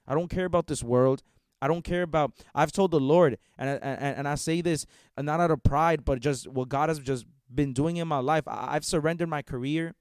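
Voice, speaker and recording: A man's voice: on the high side, a little fast, dry recording, studio quality. A man hosting a podcast, preaching in a fervent, repetitive monologue full of restarts. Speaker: podcast host.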